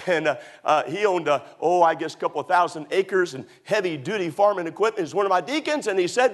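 A man preaching a sermon as a pastor, telling stories with sudden high whoops and shouts. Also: fast talker, hardly any pauses. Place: church auditorium.

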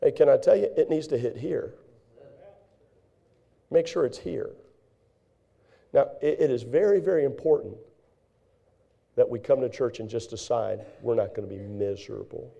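A man preaching a folksy, animated sermon as pastor, now and then acting out frantic voices. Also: mid-range voice, moderate pace, creaky, long pauses, lo-fi sound.

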